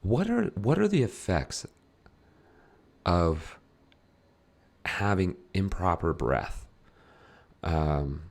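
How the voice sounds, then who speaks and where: A man hosting a casual podcast chat, talking in an animated way with many restarts. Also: sits low, very slow, long pauses. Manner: animated, many restarts, acts out worried thoughts. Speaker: podcast host.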